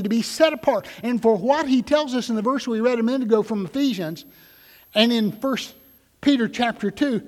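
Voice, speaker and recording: Middle-aged pastor guy preaching, kinda high voice, big church echo, gets loud and stretches words for emphasis. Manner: earnest, emphatic preaching with rising peaks and drawn-out words. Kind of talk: sermon. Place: church sanctuary. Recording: long reverb of a church hall.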